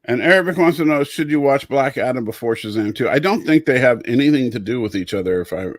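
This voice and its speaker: A man's voice: mid-range voice, animated, fast talker, dry recording, studio quality. A man hosting a casual livestream chat, rambling, repeating words and reading out viewer comments. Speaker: show host.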